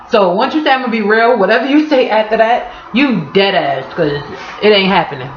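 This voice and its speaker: A woman's voice: medium pitch, lively intonation, fairly quick, a little hiss or hum. Harlem woman explaining slang, mad blunt and cussing, echoey room, kinda muffled audio. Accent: Harlem, New York. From Harlem, New York City. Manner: blunt, profane, playful street talk. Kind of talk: casual slang explainer vlog.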